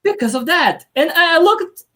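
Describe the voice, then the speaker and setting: A woman's voice: very high voice, animated, a little slow, bright, forceful tone. Hesitant woman practicing conversation. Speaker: student.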